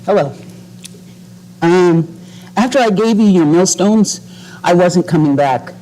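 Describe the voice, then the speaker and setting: A woman's voice: on the low side, expressive, slow, warm tone, poor audio. A woman stands up to give a public comment at a board meeting, her voice charged with emotion. She speaks in an accusatory tone and stops often with ums and restarts as she builds her case.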